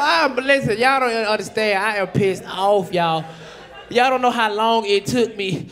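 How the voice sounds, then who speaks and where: A young man doing loud, profane crowd-work roast comedy on a comedy club stage. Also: high-pitched, measured pace. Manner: loud, shouting, laughing, profane. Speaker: stand-up comedian. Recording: loud crowd and room noise.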